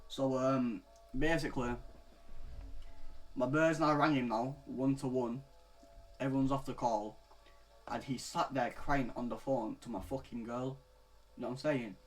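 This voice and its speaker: A young man in his late teens telling a story-time rant, rambling and profane, tagging "bro" onto nearly every phrase and swinging from mutters to loud outbursts. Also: mid-range voice, steady tone, measured pace, long pauses, faint music behind. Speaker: vlogger.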